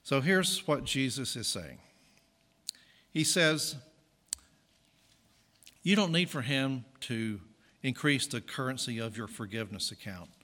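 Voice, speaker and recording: A man's voice: medium pitch, a little slow, pauses often, pushed and bright, in a large hall. A man preaching a conversational sermon, correcting himself and adding jokey asides. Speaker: pastor.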